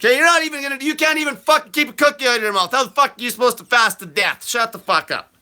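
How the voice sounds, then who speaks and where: A man with a very high, piercingly sharp voice rants through a live Q&A, blunt and profane. His delivery is aggressive and comes in loud, shouted bursts. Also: rapid-fire. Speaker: host answering viewer questions. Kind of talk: live Q&A rant.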